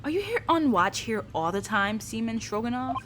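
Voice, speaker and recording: A woman's voice: fairly high pitch, sing-song, moderate pace, background noise. A woman reading a polite young lawyer. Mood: questioning. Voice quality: polite, formal.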